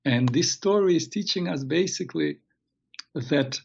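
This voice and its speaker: A man hosting a radio show, giving earnest, halting health advice and telling a tale. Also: fairly high pitch, expressive, vocal fry, slightly rough, muffled recording. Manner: hesitant, many restarts, earnest. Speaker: radio show host and therapist. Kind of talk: advice talk and storytelling.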